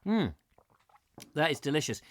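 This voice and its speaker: A man's voice: a little high, very animated, measured pace. A middle-aged man hosting a live chat show, chatty and theatrical with rambling asides while he reads out viewer comments. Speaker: host.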